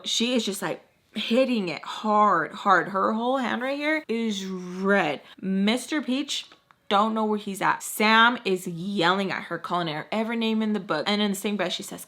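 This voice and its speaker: A young woman telling a storytime vlog, animated, acting out quotes with many fillers. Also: mid-range voice, measured pace. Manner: animated, acts out quotes with lots of "like". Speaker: YouTube storyteller.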